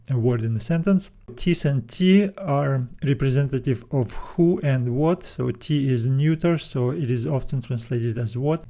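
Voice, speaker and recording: A man teaching a video lesson, patiently explaining and slowing down to spell out words. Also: medium pitch, dark tone. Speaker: Greek teacher.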